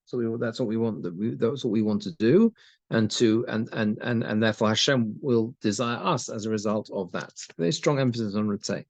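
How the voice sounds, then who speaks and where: A man's voice: fairly low pitch, brisk, dry recording, muffled recording. Rabbi guy teaching torah to a small group, reads hebrew then explains it, lots of restarts, dry close sound. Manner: translates Hebrew phrases as he goes, many restarts. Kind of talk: conversational Torah class.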